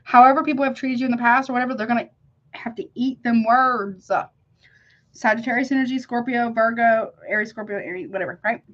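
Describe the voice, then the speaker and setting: A woman gives a casual tarot reading in a slightly high voice, talking emphatically with plenty of slang. She keeps checking in with the listener as she goes. The recording sounds a little dull and lo-fi. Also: steady tone, a little fast. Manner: emphatic, slangy, keeps asking "you see what I'm saying?". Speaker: tarot reader.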